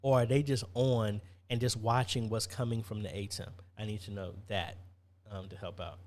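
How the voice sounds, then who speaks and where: A man's voice: lowish voice, fairly even intonation, moderate pace, a little mellow. A man hosting a casual live-stream Q&A, chatty, reading viewer comments aloud and answering them.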